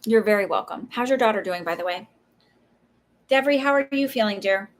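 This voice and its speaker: A woman's voice: medium pitch, lively intonation, fairly quick. A woman in her thirties doing a live psychic reading, answering viewer questions in a casual, hesitant way with many fillers and friendly asides. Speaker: psychic reader on a livestream.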